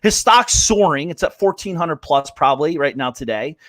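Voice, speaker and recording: A man's voice: on the high side, animated, moderate pace, a bit bright, no room sound, studio quality. A man hosting a live business show, ranting bluntly and swearing as he acts out voices of others. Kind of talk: fired-up motivational rant.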